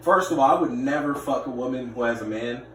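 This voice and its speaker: A man's voice: mid-range voice, quick pace, fairly bright tone, slight background noise. A man co-hosting a casual podcast chat, blunt and emphatic as he rants. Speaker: podcast co-host. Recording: echoey room, distant mic.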